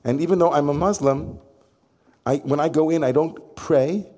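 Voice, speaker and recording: A man voicing a young, energetic male restaurant owner who speaks fervently and slowly. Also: a little high, close to an everyday voice. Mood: reverent.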